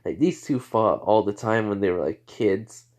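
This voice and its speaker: A man's voice: lowish voice, moderate pace, darkish tone. Rambling man telling a fan story. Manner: rambling, full of fillers like "you know" and "like". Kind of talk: improvised spoken fan fiction.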